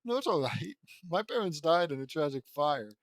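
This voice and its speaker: An orphaned young girl explorer speaks in a put-on British accent, as a male reader voices her. The delivery is a plain storybook reading with a fairly high voice. The sound is dry and close. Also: sing-song, moderate pace, no room sound. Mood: earnest.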